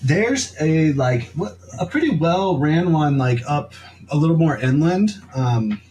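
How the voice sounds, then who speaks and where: A man's voice: on the high side, animated, unhurried, warm tone, slight background noise, poor audio. A young man co-hosting a podcast, telling a story in a rambling, casual way full of "like" and quoted asides. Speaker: podcast co-host.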